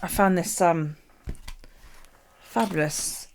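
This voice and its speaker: Gravelly woman, chatty crafter. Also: fairly low pitch, slow pace, slight background noise. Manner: chatty, rambling, swears freely, laughs at herself. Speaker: craft live streamer. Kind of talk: casual crafting chat. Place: home craft space.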